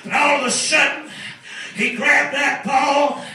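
A middle-aged man preaching a sermon as a story, exuberant, laughing often and breaking into shouted praise. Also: extremely high pitch, little pitch movement, slow. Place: large church hall. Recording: echoey church, distant mic, congregation. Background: congregation responding.

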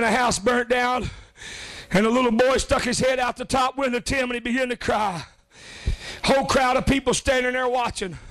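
A man's voice: extremely high pitch, fairly bright tone. A man preaching a revival sermon, chanting with a gasped "uh" before each phrase.

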